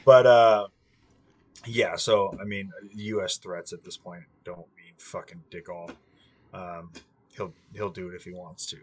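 Low-voiced man in profane casual chat. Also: flat delivery, unhurried, slight background noise. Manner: rambling, swears freely, many ums. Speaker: podcast co-host.

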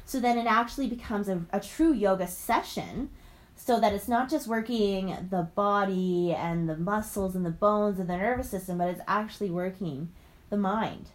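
A woman's voice: mid-range voice, normal speed. A woman yoga teacher chatting enthusiastically in a casual vlog, talking while she moves through yoga poses. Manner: chatty, enthusiastic, rambling with many fillers.

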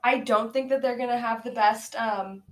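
Woman, podcast co-host, casual movie chat, rambling, fillers, laughs a lot, higher voice. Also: steady tone, moderate pace, rough recording.

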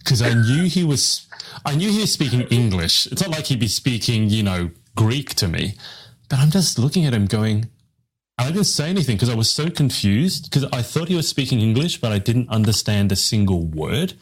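A man's voice: medium pitch, big pitch swings, moderate pace, husky. A man hosting a live interview show, telling rambling, self-deprecating stories to his guest over a video call. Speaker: podcast host, interviewer.

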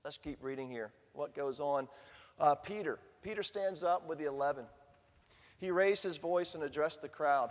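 A man preaching a sermon, animated, swinging from hushed lines to booming ones. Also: normal speed, in a large hall. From Southern United States. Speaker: pastor.

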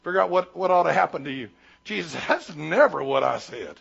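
A man in his sixties, a pastor preaching a sermon with passion, rising loud then dropping to a hush. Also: on the high side, animated, brisk, creaky, dull audio. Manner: impassioned preaching, swings between loud and hushed.

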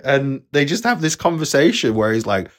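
A man's voice: mid-range voice, very animated, moderate pace, a bit bright. A man co-hosting a comedic podcast who laughs often and mimics film characters as he chats about a movie. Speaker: podcast co-host.

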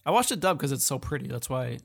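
A man co-hosting a casual podcast chat about films, laid-back and often trailing off into quiet asides. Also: mid-range voice, big pitch swings, quick pace, vocal fry, breathy edge. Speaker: podcast co-host.

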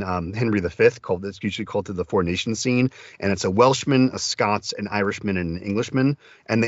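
A man's voice: lowish voice, no room sound, highs cut off. A man who narrates audiobooks, talking in an interview with enthusiasm and many restarts. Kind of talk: casual interview talk.

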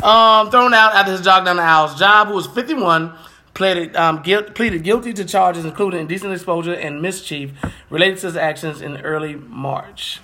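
Male co-host, high and bright voice, profane jokester reading odd news. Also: normal speed. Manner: joking, profane, laughs often. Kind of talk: casual comedic news chat.

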